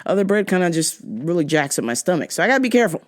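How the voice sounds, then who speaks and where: Animated, profane woman ranting. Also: fairly low pitch, very fast. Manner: blunt, profane, exasperated. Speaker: podcast host. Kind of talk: casual storytelling rant.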